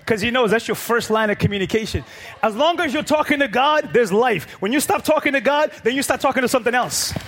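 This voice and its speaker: A man preaching a sermon to a congregation, building from quiet, low lines to loud, shouted peaks with rhythmic repetition. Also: lively intonation, fast talker. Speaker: pastor. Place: church.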